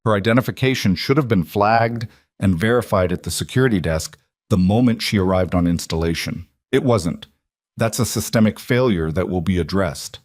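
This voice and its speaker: A stern rear admiral speaks in clipped, formal sentences, voiced by a male storyteller. His low voice sits in a dry, close recording. He stays measured and flat. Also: no room sound.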